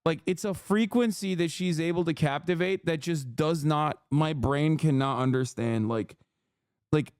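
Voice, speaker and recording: A man's voice: a little high, a little slow, darkish tone, clean tone, no room sound, clean studio sound. A man giving casual livestream commentary, ranting in disbelief with plenty of swearing and laughter. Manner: profane, incredulous ranting with frequent laughs.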